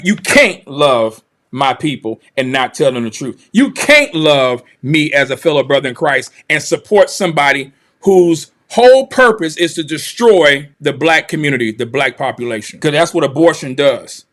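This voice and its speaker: A man's voice: a little high, fairly bright tone. A man hosting a livestream, delivering heated, confrontational commentary in a preachy way and repeating phrases for emphasis. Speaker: channel host, commentator.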